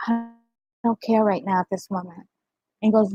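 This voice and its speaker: A woman's voice: medium pitch, fairly even intonation, fast, darkish tone, dry recording, rough recording. A middle-aged woman chatting on her livestream, telling a story and laughing often. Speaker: livestream host. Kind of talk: casual chat with live viewers.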